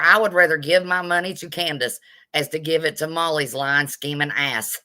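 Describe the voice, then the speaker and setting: At a normal speed and in a steady tone, a woman vlogger with a low-pitched, bright, forceful voice runs an indignant live commentary. Her rant is blunt and sassy, and she breaks off to greet the people watching.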